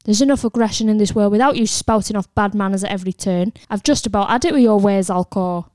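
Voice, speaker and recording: A woman's voice: medium pitch, quick pace, darkish tone, no room sound, clean studio sound, close to an everyday voice. A woman voicing a short, stout, protective mother in an audiobook, scolding sharply.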